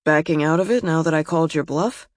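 A woman's voice: deep voice, quick pace, no echo, lightly acted. A woman voicing a guarded young male war veteran who banters dryly, in an audiobook. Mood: teasing. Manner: dry, wry banter.

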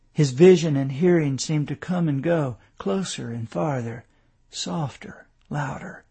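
Husky, gravelly male narrator. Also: fairly high pitch, warm tone. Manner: measured, storytelling. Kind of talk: audiobook narration.

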